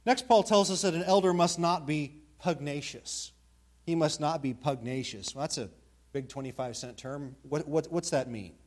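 A man with a high-pitched voice preaches to his congregation. He leans hard on key words and repeats them for emphasis. He asks the church rhetorical questions as he teaches. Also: normal speed, darkish tone. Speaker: pastor. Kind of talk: expository sermon.

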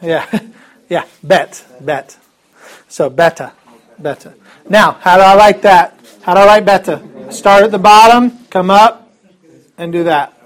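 A man's voice: sits high, measured pace. A man teaching a Greek alphabet class in a classroom, upbeat and chatty with joking asides. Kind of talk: classroom lesson.

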